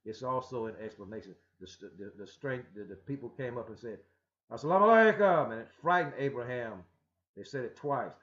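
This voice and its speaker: A man gives a rambling scripture lesson, stumbling and restarting often but pressing each point with emphasis. His voice sits at an ordinary male pitch and comes through a dull, muffled lo-fi recording. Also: fairly quick, a bit bright. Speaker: religious teacher.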